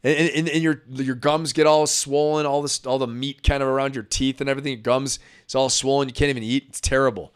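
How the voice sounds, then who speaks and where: A man's voice: mid-range voice, fairly even intonation, fairly quick, hardly any pauses, clean tone. Chatty man laughing through a live reaction stream. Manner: chatty, laughs often, talks to chat viewers. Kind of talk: casual reaction commentary.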